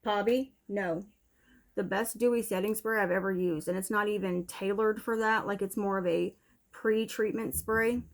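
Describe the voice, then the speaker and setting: A woman's voice: mid-range voice, fairly even intonation, normal speed. A young woman vlogging a casual, candid makeup review at home, a little out of breath and breaking off now and then to scold her dog. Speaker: beauty vlogger. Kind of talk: casual product review chat. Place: home room, TV on in background.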